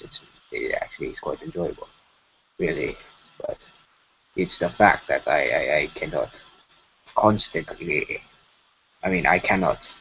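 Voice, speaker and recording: A man's voice: deep voice, gravelly, a bit bright. A man chatting casually on a live stream while animating, rambling and stammering through frequent restarts. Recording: dull lo-fi stream audio with faint noise.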